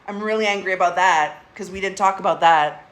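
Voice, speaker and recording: A woman's voice: fairly low pitch, a little fast. A woman hosting a casual live stream from home, speaking candidly, swearing often and laughing between her thoughts. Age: adult, getting older. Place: at home with a pet.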